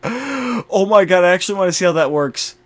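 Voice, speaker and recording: A young man reacting loudly to his own gameplay, swearing and venting in frustrated outbursts. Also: high-pitched, expressive, brisk, no room sound. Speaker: gaming video creator. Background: loud game music.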